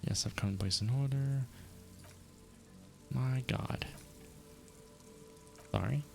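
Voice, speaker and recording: A man streaming a video game, reading its narration aloud and reacting with quick casual asides. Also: lowish voice, vocal fry. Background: game music.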